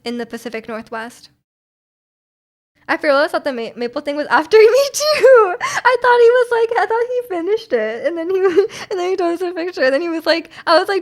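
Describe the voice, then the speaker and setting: A woman streamer chatting casually with her chat, bubbly and giggly, often restarting her sentences. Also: sits high. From Canada. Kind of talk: casual chat reading viewer comments.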